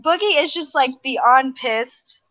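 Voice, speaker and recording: A woman co-hosting a casual podcast recap, relaxed and a little hesitant. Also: sits high, slow pace, no echo. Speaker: podcast co-host. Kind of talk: casual reality-show recap chat. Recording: dull, muffled recording.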